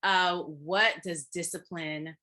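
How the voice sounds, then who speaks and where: A woman's voice: lowish voice, fairly even intonation, takes it slowly, pushed and bright. A woman hosting a podcast, asking curious questions in a casual chat and laughing along. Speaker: podcast host.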